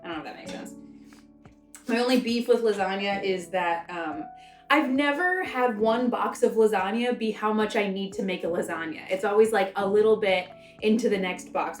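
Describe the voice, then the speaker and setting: Chatty young woman in echoey kitchen. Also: mid-range voice. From American South. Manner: rambling, chatty, self-interrupting. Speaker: cooking vlogger. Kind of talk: casual cooking vlog chat. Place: home kitchen. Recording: echoey kitchen, mic far off.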